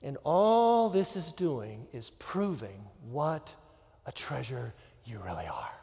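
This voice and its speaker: A man preaching a sermon, with dramatic pauses and drops to a hushed voice. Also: mid-range voice, very animated, vocal fry, big-room sound. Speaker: pastor.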